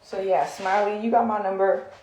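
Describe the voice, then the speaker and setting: A woman's voice: mid-range voice, fairly even intonation, moderate pace, a little mellow, reverberant, low-quality recording. A woman venting heatedly on a livestream, confrontational and full of fillers, recorded on a phone in a room.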